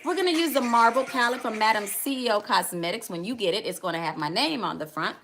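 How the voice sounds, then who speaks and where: A woman's voice: a little high, lively intonation, quick pace, fairly bright tone, a little hiss or hum. A middle-aged woman hosting a casual live makeup tutorial, chatty, greeting viewers by name and calling out to "y'all". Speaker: makeup livestream host.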